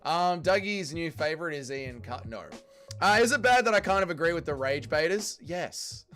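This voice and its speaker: A man's voice: fairly high pitch, animated, moderate pace, a bit bright, soft background music. A man with an Australian accent hosting a livestream, answering chat comments in sweary, joking banter. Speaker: livestream host reading chat.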